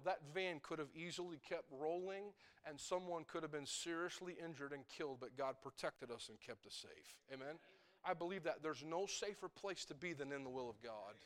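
A middle-aged man preaching in church, fervent and insistent, often calling out to the congregation for an amen. His voice sits a little higher than most men's. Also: a bit bright, clear, resonant tone. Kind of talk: sermon.

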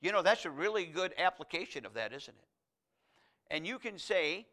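A man delivers a sermon in a high-pitched, bright voice. He swings between loud, emphatic proclamation and soft, close asides to the congregation. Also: sing-song, fairly quick. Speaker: preacher.

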